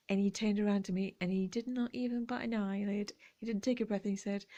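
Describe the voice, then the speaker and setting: A woman chatting gently as she shows her vintage jewellery finds. She talks quietly, often slipping into whispers, with playful asides. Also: mid-range voice, flat delivery, a little fast. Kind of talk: relaxed show-and-tell chat.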